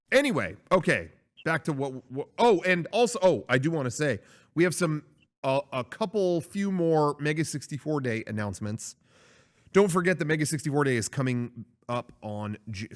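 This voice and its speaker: A man's voice: medium pitch, expressive, moderate pace. A man co-hosting a casual chat show, rambling with lots of fillers and restarts. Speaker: podcast co-host.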